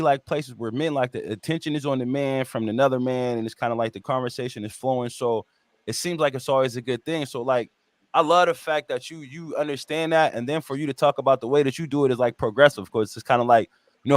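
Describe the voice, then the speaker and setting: Fast-talking male podcast host. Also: mid-range voice, no room sound. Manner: animated, rambling questions with slang. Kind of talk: casual interview conversation.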